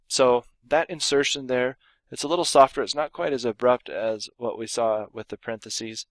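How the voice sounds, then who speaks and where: A man's voice: fairly low pitch, dry recording. A man teaching a grammar lesson, explaining punctuation and reading example sentences aloud, with occasional fillers and restarts. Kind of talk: recorded lesson.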